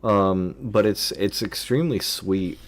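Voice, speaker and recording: A young man chats casually while he streams a game. He rambles and fills his pauses with ums as he answers viewers. His voice sits on the low side. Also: a little hiss or hum. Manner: rambling, filler-heavy, answers chat questions.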